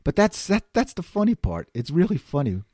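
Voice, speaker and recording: A lively, storytelling man with a New York accent, his voice climbing and falling as he acts out the people in his anecdotes. His tone sits a bit high for a man, and the sound is close and dry with no room around it. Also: fairly quick, dry recording. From New York City area. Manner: animated, acts out quoted voices, laughs often. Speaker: podcast host. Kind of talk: casual storytelling monologue.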